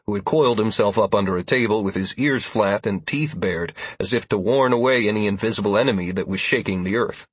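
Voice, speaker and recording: A man narrating a first-person fantasy audiobook in a measured, even storytelling manner, with a husky voice. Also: lowish voice, no room sound.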